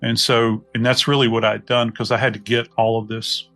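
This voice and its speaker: A middle-aged man from New Orleans with a Southern US accent, a podcast guest telling reflective stories in an unhurried, folksy way. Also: medium pitch, flat delivery, a bit bright, faint music behind. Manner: unhurried, folksy, many "you know" asides. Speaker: podcast guest, death investigator. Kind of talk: reflective storytelling conversation.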